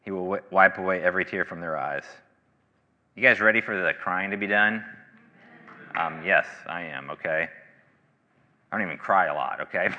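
A low-voiced male pastor delivering a sermon with a very bright, forceful edge to his tone. He presses hard on key phrases, then sinks into hushed, low stretches. The sound carries a long reverb from the hall around him. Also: lively intonation, normal speed, long pauses. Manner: earnest, rising to emphatic bursts then dropping low.

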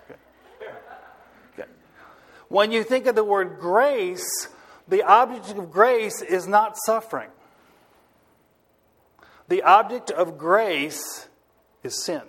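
Slow, high-voiced male preacher. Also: fairly bright tone, husky. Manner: asks the audience if they are listening. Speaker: pastor. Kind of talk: sermon.

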